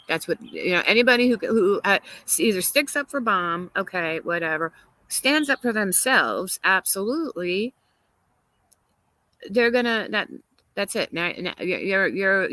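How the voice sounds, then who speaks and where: Bright-voiced woman chatting opinionated. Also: mid-range voice, no echo, poor audio. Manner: opinionated, chatty, laughs often. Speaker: livestream host. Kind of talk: casual livestream chat reading comments. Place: outdoors in a garden.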